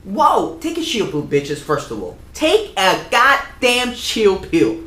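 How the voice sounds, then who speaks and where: A man's voice: sits high, wildly swooping pitch, slow, pushed and bright. A man hosting a toy vlog, ranting in a casual, profane and exasperated way. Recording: roomy echo.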